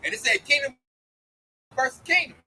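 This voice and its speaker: High, bright-voiced street preacher man. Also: moderate pace, a little hiss or hum, low-quality recording. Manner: loose, animated preaching with slang. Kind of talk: street sermon.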